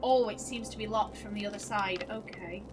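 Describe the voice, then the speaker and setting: A woman hosting a let's play, giving profane, jittery horror game commentary that swings between loud outbursts and hushed mutters. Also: mid-range voice, fairly even intonation, moderate pace, noisy background.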